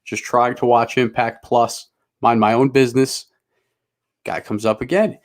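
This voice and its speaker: A man's voice: mid-range voice, steady tone, unhurried. A man co-hosting a podcast, telling a long casual story in a rambling, self-mocking way and swearing freely. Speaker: podcast co-host.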